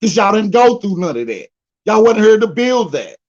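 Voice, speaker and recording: Man, high and lively, mocking reaction commentary, dull lo-fi sound. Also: moderate pace. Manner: animated, profane, mocking, streetwise slang.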